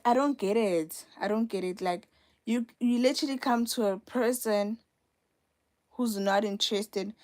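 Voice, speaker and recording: A woman's voice: medium pitch, a little mellow. Young woman host, mid-range voice, chatty live-stream delivery with emphatic repeats. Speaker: livestream host. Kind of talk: casual live-stream chat.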